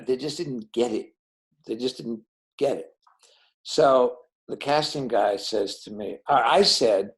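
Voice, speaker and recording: A film director being interviewed, telling behind-the-scenes stories and acting out the dialogue of the people in them. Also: male voice, medium pitch, rough recording. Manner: animated, acts out dialogue in quoted voices. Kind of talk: anecdotal storytelling in an interview.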